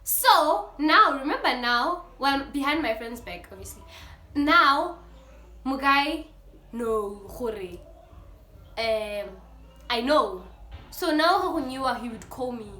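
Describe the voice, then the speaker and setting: A young South African woman with a South African accent telling a story in a casual vlog, lively and acting out the people in it. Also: sits high, slow pace, long pauses, roomy sound. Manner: animated, switches between English and Setswana, acts out the people in her story. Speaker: YouTuber.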